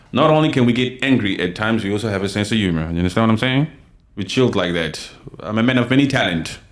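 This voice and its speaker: Heated, forceful man on a livestream. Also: fairly low pitch. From DR Congo. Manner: forceful, repetitive, addresses chat viewers directly. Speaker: livestream host.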